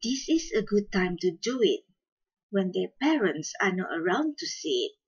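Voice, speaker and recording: A woman's voice: medium pitch, very animated, moderate pace, husky, highs cut off. A woman voicing a quarrelsome female shrew mother who screeches defiant denials, in a storybook reading. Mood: scheming.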